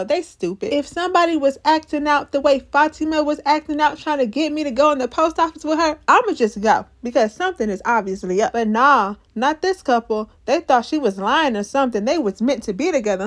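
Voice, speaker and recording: A woman giving a casual, animated, sassy recap of a TV episode. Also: sits high, a little fast.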